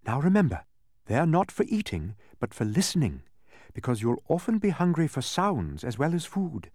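A man voicing a kindly, fretful woman who keeps sounds, speaking gently and earnestly. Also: on the high side, wildly swooping pitch, normal speed, dry recording, studio quality, full character voice.

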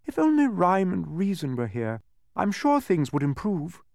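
A man's voice: sits high, huge pitch swings, unhurried, gravelly, darkish tone, no room sound, pitched above the performer's own voice, full character voice. Storybook figure: a kind, worried woman voiced by a man with a raised, lilting voice and a dry, close sound. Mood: earnest. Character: kindly, fretful woman who keeps sounds.

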